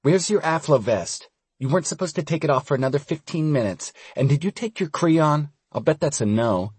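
A man's voice: fairly high pitch, animated, darkish tone, slightly rough, no room sound, voice pushed up. A man voicing a bossy, anxious teenage girl who scolds and gives orders. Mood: bossy scolding. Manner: brisk, scolding, controlling. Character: bossy, anxious young woman, a teen patient. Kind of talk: audiobook character reading.

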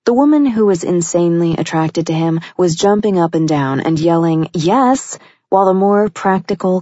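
A woman narrating a romance audiobook in an even, steady storytelling manner. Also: fairly low pitch, slightly rough, dry recording. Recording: dull, lo-fi dry recording.

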